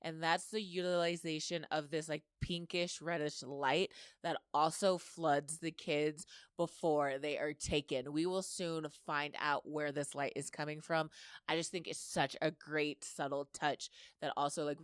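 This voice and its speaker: A woman's voice: low-pitched, a bit bright, smooth, dry recording, studio quality. A woman hosting a podcast, chatting casually as she retells a story and slips into quoted dialogue. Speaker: podcast host. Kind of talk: casual episode recap.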